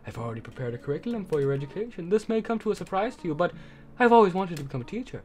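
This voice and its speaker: A man voicing a gentle, motherly female goat monster, reading her game lines softly in a put-on accent. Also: high voice, big pitch swings, rapid-fire, slight background noise, pitched above the performer's own voice. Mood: warm. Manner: soft, kindly, doting, speaks in an accent. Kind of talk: reading game dialogue aloud.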